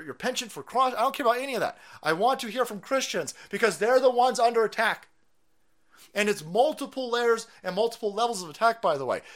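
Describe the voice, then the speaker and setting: Foul-mouthed man ranting on a livestream. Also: high voice. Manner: swearing, laughing, swinging between mutters and shouts. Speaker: live stream host. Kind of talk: profane political rant on a livestream.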